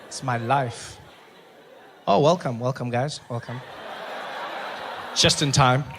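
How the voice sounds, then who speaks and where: A man with a South African accent doing animated stand-up comedy, joking with the crowd. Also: medium pitch, takes it slowly, background noise. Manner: animated, crowd work, acts out voices.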